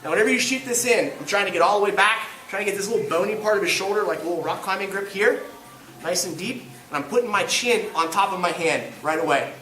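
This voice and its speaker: A man's voice: high-pitched, fast, bright, forceful tone, soft background music. A man teaching a grappling class live, demonstrating on a partner and cracking self-mocking jokes as he coaches. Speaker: jiu-jitsu instructor. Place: indoor training gym. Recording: echoey gym from far off.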